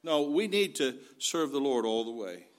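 A man's voice: medium pitch, very animated, normal speed. A man preaching a sermon in an earnest, folksy way, weaving in scripture.

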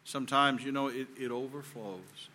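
A man with a Southern US accent delivers a sermon, earnest and folksy, pressing his points harder as he goes. His voice is bright and forceful and sits at a middle pitch. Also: normal speed, a little hiss or hum. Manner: earnest, folksy preaching that builds in emphasis. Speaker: preacher.

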